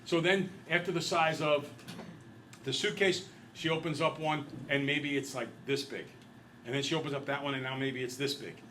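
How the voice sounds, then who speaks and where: A man's voice: fairly high pitch, fairly even intonation, moderate pace, sharp tone, a little hiss or hum. A middle-aged man teaching a math class, telling jokey stories and acting out little voices. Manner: playful, jokey, acts out voices in anecdotes.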